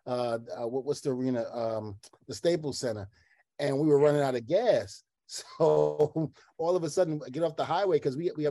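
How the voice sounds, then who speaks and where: A man in casual podcast chat, telling lively stories and acting out the quotes in them. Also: mid-range voice, dry recording. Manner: animated storyteller who acts out the quotes in his stories.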